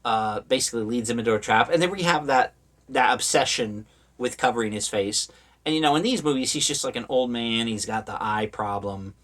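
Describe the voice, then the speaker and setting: A man's voice: mid-range voice, brisk, a bit bright. Male horror vlogger, mid-range voice, casual rambling commentary, sarcastic. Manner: rambling, with many fillers and sarcastic asides.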